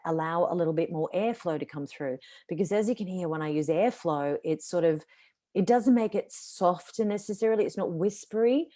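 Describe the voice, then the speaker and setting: A woman in her forties talks about vocal tone with confident emphasis. Her voice sits low for a woman. She speaks in a casual live video chat. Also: dark tone. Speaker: guest, voice and communication coach.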